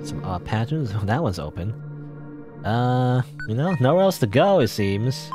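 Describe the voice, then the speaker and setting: A man narrating his gameplay in a rambling, chatty way, thinking out loud and chuckling as he goes. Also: mid-range voice, lively intonation, measured pace. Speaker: let's play gamer. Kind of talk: casual gameplay commentary. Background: game music.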